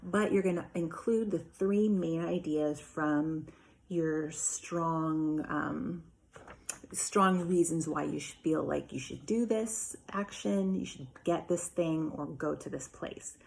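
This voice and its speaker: A woman teacher, probably in her thirties, giving a remote lesson to young children, patiently and clearly sounding out letter sounds. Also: low voice, slow pace, a little mellow. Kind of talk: remote phonics and writing lesson.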